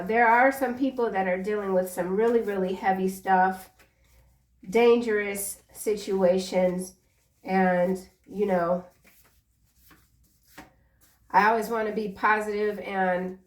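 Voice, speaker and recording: A woman's voice: mid-range voice, far from the mic. Chatty woman tarot reader, roomy echo. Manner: chatty, earnest, encouraging, drifts into personal asides. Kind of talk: casual tarot reading monologue.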